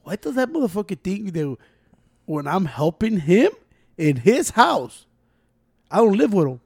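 Young man, crude banter, mixes Spanish in, raised pitch, dead-dry recording. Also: big pitch swings, measured pace, vocal fry, husky, no room sound. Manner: crude, joking, switching between English and Spanish. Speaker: friend in casual chat. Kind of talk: casual chat.

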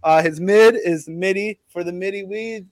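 A man's voice: high-pitched, normal speed, crowd noise. A man in casual comedic chat, rambling through a made-up story with lots of swearing and hype. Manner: rambling, profane, hyped storytelling.

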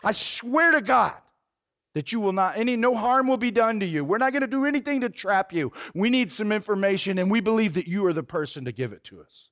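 A man's voice: high voice, animated, fairly quick, fairly bright tone. A man voicing a desperate, disguised king who pleads for help in a retold story. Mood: pleading. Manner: urgent, pleading.

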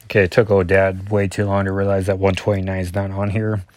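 A man's voice: low-pitched, completely flat delivery, fast talker, darkish tone. A man, a father, reviewing a comic book in a casual, rambling solo talk, full of fillers and self-corrections as he reads through the issue.

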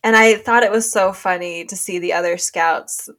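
Woman, podcast co-host, casual chat, mid pitch, fillers and laughs. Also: steady tone, normal speed, a bit bright. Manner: chatty, laughs often, many fillers.

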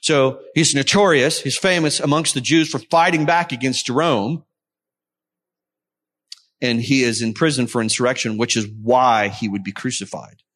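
A man's voice: medium pitch, moderate pace, a bit bright. A man preaching a sermon, explaining a Bible passage and reading scripture aloud. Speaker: pastor.

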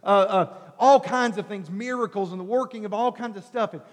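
Pastor, male, very high voice, animated sermon delivery, big hall echo. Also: fairly quick. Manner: animated preaching, acts out quoted voices with shouts and soft coaxing. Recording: long hall reverb.

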